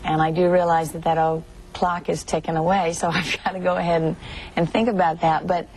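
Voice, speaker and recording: A woman's voice: lowish voice, level tone, a little fast, a little mellow, a little hiss or hum, low-quality recording. A woman in her thirties from Alabama, an actress chatting as a TV interview guest, telling stories and laughing often. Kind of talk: morning TV interview.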